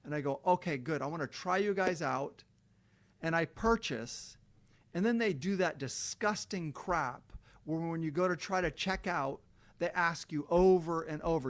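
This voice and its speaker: A man's voice: on the high side, a little slow, a bit bright. A middle-aged man delivering a heated, profane rant straight to his viewers. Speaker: vlogger. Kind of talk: angry rant to camera.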